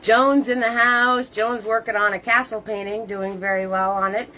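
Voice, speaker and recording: A woman's voice: a little high, fairly even intonation, moderate pace, pushed and bright, slight background noise, rough recording. Bubbly woman teaching a live painting class. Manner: bubbly, greets viewers by name with pet names, laughs often; playful made-up words. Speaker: painting instructor hosting a live paint party. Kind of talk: live-stream painting lesson.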